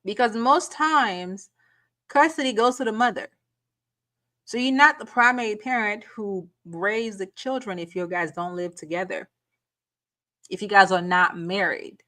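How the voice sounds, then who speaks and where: A woman's voice: mid-range voice, a little slow, pushed and bright. A woman channel host giving reaction commentary, firing off incredulous rhetorical questions and repeating words as she gathers her point.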